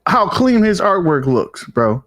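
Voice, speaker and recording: A man's voice: high-pitched, big pitch swings, measured pace, fairly bright tone. Slangy, loose-talking podcast host man. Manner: loose, slangy, lots of fillers. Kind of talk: casual podcast chat.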